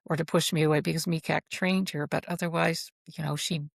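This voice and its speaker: A woman author chatting in an interview, telling stories in a lively way and acting out the voices she quotes. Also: low-pitched, a little fast, gravelly, dry recording, studio quality. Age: older. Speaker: guest author. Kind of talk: casual interview chat.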